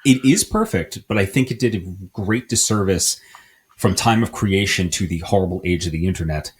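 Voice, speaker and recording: A man's voice: low voice, expressive, normal speed, a little hiss or hum. A man from the US co-hosting a podcast, chatting casually about a movie, laughing often and acting out scenes. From United States. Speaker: podcast co-host. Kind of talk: casual movie review chat.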